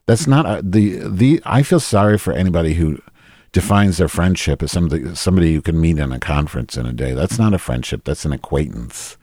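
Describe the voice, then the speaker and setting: A man's voice: deep voice, animated, fairly quick, mellow, no echo, clean studio sound. A man hosting a solo podcast in a rambling, profane, self-deprecating monologue. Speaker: podcast host.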